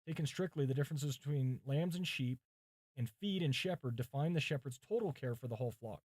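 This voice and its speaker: A man's voice: mid-range voice, brisk, a little mellow, no room sound, clean studio sound. Male pastor thinking aloud over commentaries. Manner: thinking aloud, chatting with viewers between readings. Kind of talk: livestream sermon prep, reading commentaries aloud. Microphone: mic set far from him.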